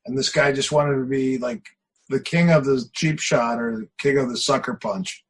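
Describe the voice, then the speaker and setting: Husky-voiced martial arts coach talking. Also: male voice, medium pitch, moderate pace, low-quality recording. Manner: animated, repeats phrases for emphasis, tells anecdotes. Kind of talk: casual interview talk.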